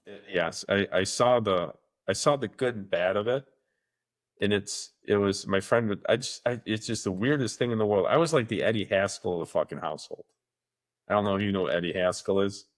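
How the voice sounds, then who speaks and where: A man's voice: lowish voice, fairly quick. A middle-aged man co-hosting a casual podcast, telling rambling stories and acting out the voices of people he quotes. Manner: rambling storyteller who acts out quoted voices. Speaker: podcast co-host. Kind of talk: casual chat.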